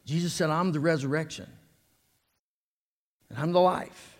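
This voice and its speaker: A man preaching a sermon, animated and joking as he draws the congregation in. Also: on the high side, normal speed, pauses often. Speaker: pastor. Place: church sanctuary. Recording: long reverb of a church hall.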